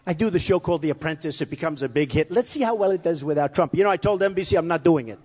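Very fast and expressive, a male candidate's slightly high, somewhat mellow, husky voice fills a large hall with a crowd during a campaign event. His speech is rambling and boastful, with frequent repetition. The recording has long hall reverb.

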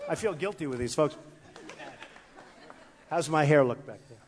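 Male candidate, rambling rally speech, boastful and repetitive, lively swooping delivery, reverberant hall. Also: fairly high pitch, moderate pace, noisy background. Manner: boastful, rambling, repeats phrases; mocks his critics in quoted voices. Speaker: political candidate addressing a rally. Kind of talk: off-the-cuff campaign speech. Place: hot crowded room with an audience. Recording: echoey hall, faint crowd.

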